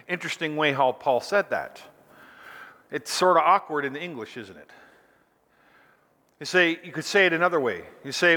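A man's voice: fairly high pitch, expressive, moderate pace, pushed and bright, long reverb tail. A man preaching a sermon as pastor, stretching key phrases out for emphasis.

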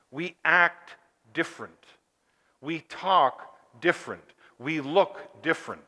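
A male preacher delivering a sermon, emphatic and full of rhetorical questions, swinging between loud and hushed delivery in a church. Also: fairly high pitch, long reverb tail.

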